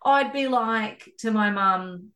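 A woman's voice: mid-range voice, takes it slowly, a bit bright. A woman, a podcast guest chatting casually and chiming in to finish others' sentences. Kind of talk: casual chat.

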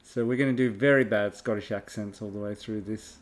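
A man's voice: lowish voice, steady tone, fairly quick. A man co-hosting a casual podcast chat, chatty and stammering at times. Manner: chatty, stammers, acts out quotes. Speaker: podcast co-host.

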